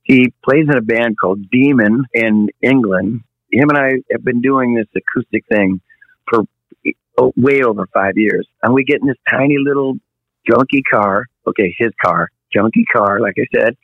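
A middle-aged man, a touring rock singer, chatting casually in an interview and telling lively stories with acted-out voices. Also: medium pitch, normal speed, dry recording, narrow, tinny audio. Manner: animated storyteller, acts out voices.

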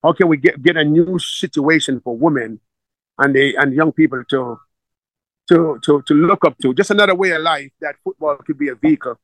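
A man's voice: a little high, fairly quick, no room sound, poor audio. A middle-aged man from Jamaica with a Jamaican accent, a football coach telling stories in a casual interview and acting out the voices of the people he quotes. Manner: animated storyteller, acts out quoted dialogue.

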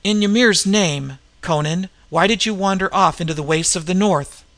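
A man voicing a gruff northern warrior. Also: sits high, normal speed, a bit bright, no echo. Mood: urgent. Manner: gruff, grunting. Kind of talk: audiobook reading.

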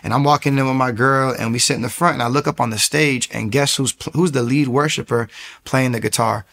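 A man's voice: mid-range voice, a little fast, creaky. A man earnestly telling his personal faith testimony, acting out the people in his story. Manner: earnest, acts out quoted people in lively bursts. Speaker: speaker sharing a testimony.

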